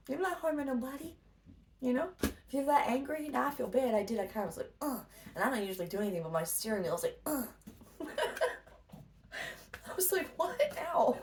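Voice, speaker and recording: A woman giving a casual spiritual pep talk as a tarot reader, blunt and profane, often laughing. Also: medium pitch. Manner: blunt, swears freely, laughs a lot. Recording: distant mic with faint noise.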